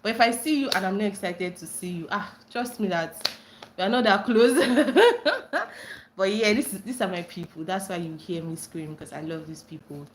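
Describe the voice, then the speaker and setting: A bubbly young woman with a Nigerian accent hosts a casual livestream chat in a mid-range voice. She reads out viewer comments and often bursts into high squeals of delight. A faint hiss of noise sits under her voice. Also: lively intonation, normal speed. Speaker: livestream host reading chat.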